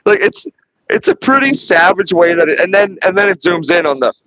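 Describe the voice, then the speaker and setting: A man's voice: high-pitched, big pitch swings, fairly quick, crowd noise, low-quality recording. A man hosting a podcast, retelling film scenes in casual, rambling chat full of restarts and swearing. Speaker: podcast host reviewing a film.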